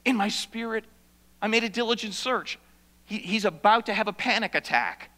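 A male pastor preaching a sermon, swinging between hushed, intimate passages and loud, pleading outbursts. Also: high voice, normal speed, big-room sound.

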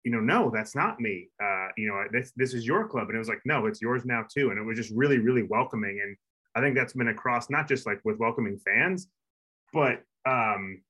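A man's voice: mid-range voice, a little fast, pushed and bright, slightly rough, low-quality recording. A man from New York co-hosting a podcast, chatting casually and rambling with many fillers and restarts. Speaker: podcast co-host. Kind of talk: casual chat.

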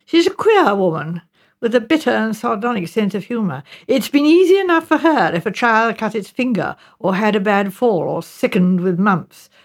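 A level-headed country doctor speaks slowly and patiently in this audiobook scene, read by a woman. The voice carries a touch of gravel, and the tone stays measured. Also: medium pitch. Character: kindly country doctor, man, calm and thoughtful. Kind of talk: audiobook character reading.

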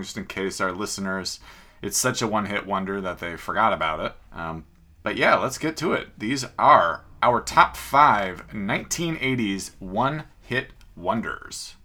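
A man co-hosting a casual podcast in a bright, forward voice. He sits a little low in pitch and keeps things upbeat and jokey. He asks his partner question after question. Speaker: podcast co-host. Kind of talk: casual chat.

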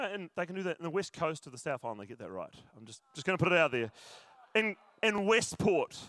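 A man's voice: medium pitch, a bit bright, no room sound. A man preaching a sermon to a church congregation, chatty and joking with the crowd. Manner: jokey, chatty, talks to the crowd. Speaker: pastor.

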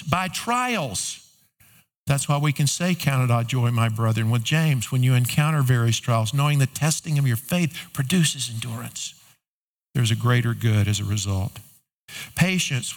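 Man preaching a conversational sermon. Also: mid-range voice. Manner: conversational preaching with rising emphatic questions. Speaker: pastor.

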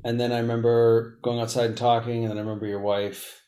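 A man in his forties from Boston, a podcast guest telling stories in a blunt, profane, animated way. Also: mid-range voice, quick pace, slight background noise. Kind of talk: casual storytelling.

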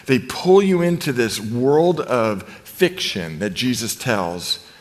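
A man delivers a sermon in an earnest, conversational way, pausing on fillers as he explains. His voice sits at a middling pitch and rings out with a long hall reverb, as in a church auditorium. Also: very animated. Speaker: pastor.

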